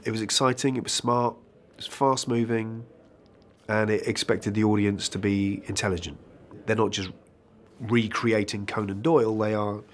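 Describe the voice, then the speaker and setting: A man's voice: fairly low pitch, slight background noise. A man speaking as an actor being interviewed about his work. He talks in a candid, chatty way, often restarting phrases and adding asides. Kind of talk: conversational interview answers.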